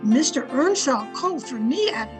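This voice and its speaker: A woman's voice: high-pitched, animated, moderate pace, music in the background, low-quality recording. A woman playing a loyal, deferential housekeeper who narrates the story in an old-time radio drama. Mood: narrating. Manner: polite, deferential. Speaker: narrator and servant. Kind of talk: 1930s-style radio drama acting.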